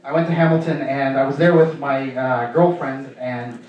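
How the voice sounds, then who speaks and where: A man's voice: mid-range voice, steady tone, very echoey, far from the mic, lo-fi sound. A young man from Canada doing a stand-up comedy set on a club stage, rambling along with lots of fillers and restarts. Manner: rambling, halting delivery with many fillers and restarts.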